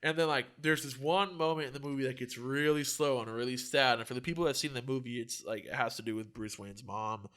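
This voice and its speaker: A man's voice: medium pitch, fast talker, few pauses. An American man co-hosting a podcast, telling a story in casual chat with lots of swearing. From United States. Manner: profane, animated storyteller. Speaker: podcast co-host.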